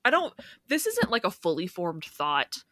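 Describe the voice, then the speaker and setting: Woman co-host, low-ish and bright, musing aloud, dry mic. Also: dry recording. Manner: thinking aloud, halting, animated. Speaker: podcast co-host. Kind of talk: casual film discussion.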